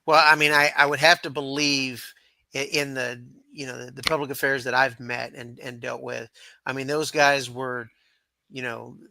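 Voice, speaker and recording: A man's voice: medium pitch, creaky, pushed and bright, dry recording. A man hosting a podcast interview, talking earnestly and searching for his words. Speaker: podcast host. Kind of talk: casual interview chat.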